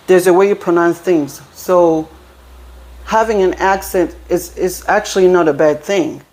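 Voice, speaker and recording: A woman's voice: lowish voice, unhurried, a little mellow. A woman guest on a talk show, speaking conversationally with fillers. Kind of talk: casual discussion.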